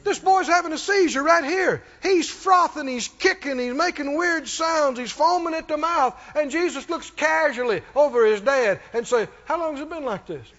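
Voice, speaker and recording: A man's voice: very high-pitched, normal speed, few pauses, a bit bright. A man preaching a sermon with emphatic delivery, reading scripture and acting out quoted voices. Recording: muffled hall recording.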